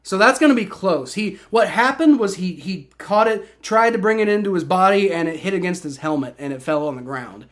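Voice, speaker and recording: A man hosting a live play-by-play reaction stream, excitable and swearing loudly at bad plays while chatting with his viewers. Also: high voice, a little fast, few pauses. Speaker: livestream host.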